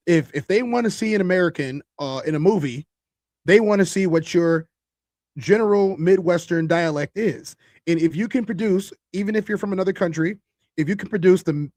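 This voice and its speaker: A podcast host with a Chicago accent delivers a loose, casual monologue, frequently restarting his sentences. His voice is slightly high and a bit mellow, recorded dry.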